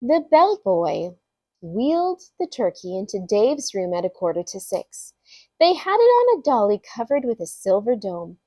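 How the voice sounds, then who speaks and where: A woman reading a funny story aloud as a storyteller, with an expressive, unhurried delivery. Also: fairly high pitch, no echo.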